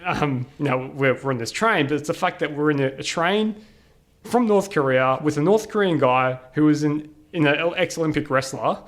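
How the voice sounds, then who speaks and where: An Australian man with a voice on the high side, appearing as a podcast guest, tells a travel story. He's casual and animated, saying "like" a lot and tossing in quick quoted voices.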